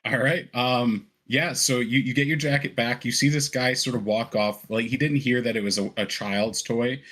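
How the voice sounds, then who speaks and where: A man's voice: medium pitch, fairly even intonation, moderate pace, a bit bright. A man narrating as game master in a live-play tabletop game, easygoing and full of fillers.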